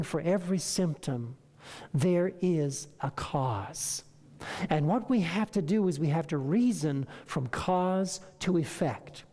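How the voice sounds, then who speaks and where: Mellow-voiced lecturer in a reverberant hall. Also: medium pitch. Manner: animated, rhetorical questions, acts out dialogue. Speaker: health lecturer. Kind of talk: lecture to an audience.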